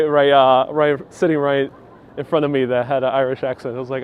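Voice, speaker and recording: Wearing a wireless clip-on mic, this walking-tour livestream host strolls a city street, chatting casually and reading out viewer comments. He speaks at a medium pitch with a flat, brisk delivery, and the recording is muffled with slight hiss or hum.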